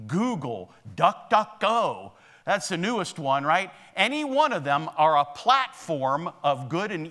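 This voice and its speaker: A man's voice: high-pitched, pushed and bright. A male pastor preaching a sermon in a church, talking conversationally and often checking in with the congregation. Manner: conversational preaching with frequent "okay?" and "right?" check-ins to the congregation. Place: church sanctuary.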